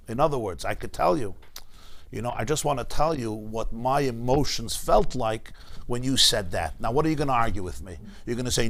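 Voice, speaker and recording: A man teaching a Talmud class to a congregation, animated and emphatic, with rhetorical asides. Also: mid-range voice. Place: synagogue class.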